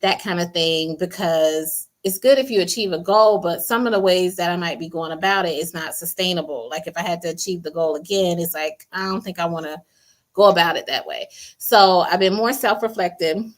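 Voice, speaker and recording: A woman's voice: fairly low pitch, brisk. A woman hosting a casual livestream, reading viewer comments aloud, chatty and laughing often. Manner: chatty, laughs often, drops to quiet asides. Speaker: livestream host.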